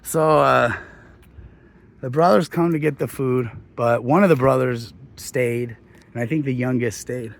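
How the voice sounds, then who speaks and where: A man's voice: mid-range voice, a little slow, creaky. A middle-aged man, a hotel host, retelling a Bible story in a loose, slangy, rambling way. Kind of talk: casual storytelling.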